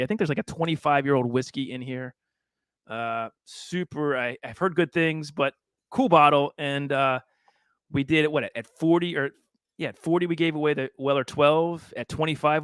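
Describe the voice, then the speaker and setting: A man's voice: mid-range voice, no room sound. Guy rambling on a livestream, chatty, repeats himself, dry close mic. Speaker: livestream host. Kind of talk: casual livestream chat.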